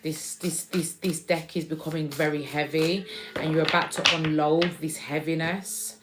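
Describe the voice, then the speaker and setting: A woman's voice: sits low, fairly even intonation, moderate pace, heavy background noise. A woman doing a casual, chatty spiritual card reading, often repeating phrases she says she hears from spirit.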